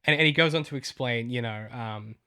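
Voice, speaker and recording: Male co-host, novelist, emotional and rambling, mid-pitched. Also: fairly quick, pushed and bright, smooth. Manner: emotional, rambling with many restarts. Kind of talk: casual chat.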